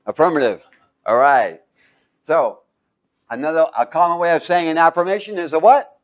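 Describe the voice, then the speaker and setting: A man's voice: on the high side, moderate pace. A man teaching a Bible class, quizzing his students with fill-in questions and breaking into sudden exclamations.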